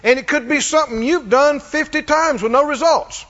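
The recording is lo-fi and muffled, with long reverb ringing off the walls of a church hall. In it, a man with a strikingly high, fairly bright voice preaches at normal speed. His call-and-response sermon is emphatic, pushing each point and urging the congregation to respond.

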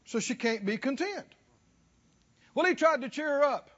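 A man's voice: very high voice, lively intonation, normal speed, a bit bright, long reverb tail. A man preaching a sermon, folksy and chuckling, calling out to his listeners to respond. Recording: dull lo-fi recording.

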